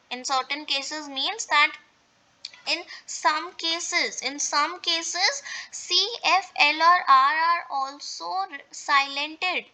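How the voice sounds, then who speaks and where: A woman's voice: high voice, sharp tone, poor audio. A woman teaching French pronunciation rules in an online lesson, explaining step by step with many repeats and fillers. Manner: explains slowly with repetition and fillers.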